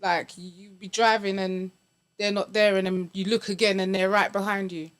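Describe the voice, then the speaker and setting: A woman's voice: mid-range voice, little pitch movement, moderate pace, fairly bright tone, smooth. A woman with a London accent, a podcast guest chatting in a rambling, repetitive way. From England. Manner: chatty, rambling, repeats herself. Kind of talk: casual chat.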